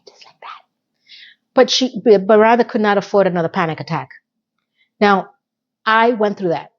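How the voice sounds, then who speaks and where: A middle-aged woman chatting through a TV episode recap, an animated storyteller full of emphatic asides. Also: mid-range voice, moderate pace, muffled recording. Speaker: TV recap vlogger.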